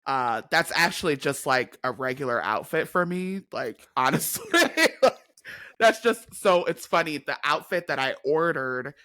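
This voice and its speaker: Female podcast co-host, bright edge, dry close sound, playful slangy chatter. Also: deep voice, no echo. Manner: playful and expressive, quick with slang. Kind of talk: casual chat.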